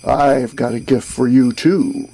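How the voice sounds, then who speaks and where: A man voicing a drunken, boastful old Santa figure on a boat, loud and jovial in a comic rhyming poem. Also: medium pitch, slow pace. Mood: boozy, jolly.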